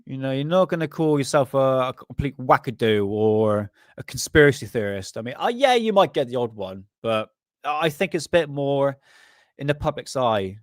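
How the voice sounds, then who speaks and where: A man's voice: medium pitch, lively intonation, normal speed, no room sound, clean studio sound. A middle-aged British man hosting a casual livestream, reading aloud from an old magazine in a rambling, joking way with crude asides and chuckles. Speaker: livestream host.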